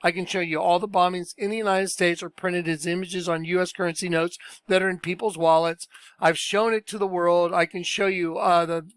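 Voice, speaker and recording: Scornful man, high clear voice. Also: level tone, fairly quick, a bit bright, dry recording. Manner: emphatic, scornful, repetitive. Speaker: commentator reacting to clips. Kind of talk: casual reaction commentary.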